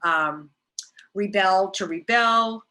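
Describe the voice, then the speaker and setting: A woman's voice: medium pitch, takes it slowly, pushed and bright, low-quality recording. A middle-aged woman, a recovery sponsor, explaining in casual teaching talk and acting out little scenes in a raised voice.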